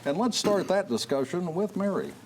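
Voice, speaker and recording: Brisk man hosting a TV panel. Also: sits high, sing-song, slight background noise. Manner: brisk, wry, steers speakers by name. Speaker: TV panel host. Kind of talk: moderating a political panel. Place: TV studio.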